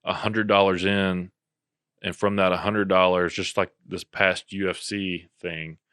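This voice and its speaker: Low-voiced, laid-back young podcast co-host. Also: male voice, flat delivery, a little slow, a bit bright, smooth, no room sound, studio quality. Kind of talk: casual chat.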